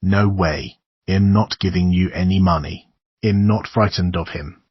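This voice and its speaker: A man voicing a cornered young tenant who protests and questions sharply in a low husky voice. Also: measured pace, dry recording. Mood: defiant. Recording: dull lo-fi dry recording.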